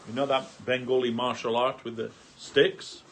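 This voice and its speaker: A man's voice: medium pitch, little pitch movement, normal speed, a bit bright, a little hiss or hum. A man speaking at a devotional gathering, telling a long anecdote through many quotes, with frequent fillers and restarts. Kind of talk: storytelling talk.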